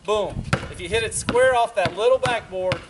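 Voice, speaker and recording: Man, high voice, recreation director running outdoor basketball drills, encouraging, faint background noise. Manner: encouraging coaching patter with quick cues.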